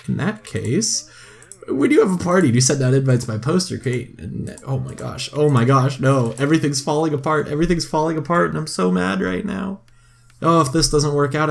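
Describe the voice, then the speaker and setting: A young man who hosts gaming videos gives casual, chatty commentary on the game he's playing. He's excitable and often cries out in dismay, and his voice is a little high and creaky.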